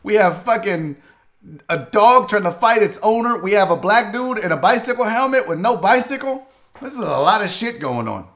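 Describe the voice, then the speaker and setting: A man hosts a talk show and gives a profane, comedic play-by-play of a video. His voice sits high and swings widely in pitch. It stays bright and punchy, and he breaks into laughter often. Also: moderate pace. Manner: animated, profane, laughs a lot. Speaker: sports radio host.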